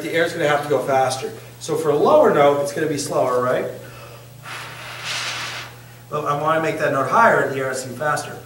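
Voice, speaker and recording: A man's voice: on the high side, slight background noise. Male vocal coach, casual and joking, quizzing his class; recorded distant in a reverberant room. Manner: chatty, joking, asks the group questions. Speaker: singing instructor. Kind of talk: casual workshop teaching. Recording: echoey room, distant mic.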